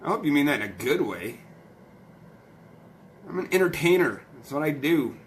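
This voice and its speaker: A man's voice: fairly high pitch, sing-song, normal speed, slight background noise. A man hosting a late-night live stream, rowdy, profane and joking, a little tipsy from beer.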